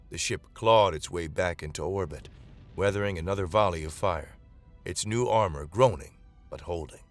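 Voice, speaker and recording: A low-voiced man reads a dramatic science-fiction story at an even, measured pace. A faint music bed runs under his reading. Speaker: narrator. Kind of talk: dramatic sci-fi story narration.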